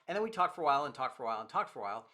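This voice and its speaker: A man's voice: medium pitch, sing-song, very fast, pushed and bright. A man, a pastor, teaching a recorded lecture and telling anecdotes in a conversational way with quoted dialogue.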